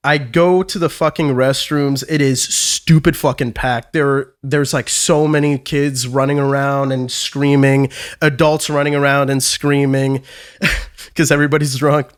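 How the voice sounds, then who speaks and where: A man's voice: medium pitch, little pitch movement, a little slow. A man on a podcast telling a rambling, swear-heavy story in casual chat. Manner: profane, rambling anecdote with restarts. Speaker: podcast co-host.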